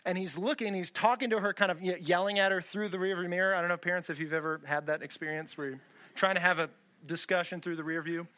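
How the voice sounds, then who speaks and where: A man's voice: high-pitched, fairly even intonation, fast, bright, forceful tone. A man pastor preaching a sermon in a church, conversational and full of rhetorical questions.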